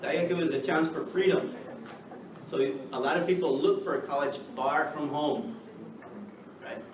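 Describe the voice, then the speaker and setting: A man from the United States teaching an English class, lively and checking in with the students by asking "right?" again and again. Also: fairly high pitch, moderate pace. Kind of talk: classroom lecture. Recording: echoey classroom from far off, noisy.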